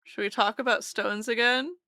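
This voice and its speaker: A woman streamer with a bright, fairly high voice chats with her viewers while she draws. She talks slowly and playfully, teasing and repeating herself, recorded dry and close. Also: fairly even intonation, no echo. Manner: playful, teasing, repeats words and laughs often. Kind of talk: casual chat with live chat while drawing.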